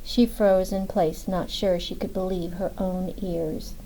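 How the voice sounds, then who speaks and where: A woman narrating an audiobook in a steady, measured reading. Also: fairly low pitch, a little hiss or hum, low-quality recording.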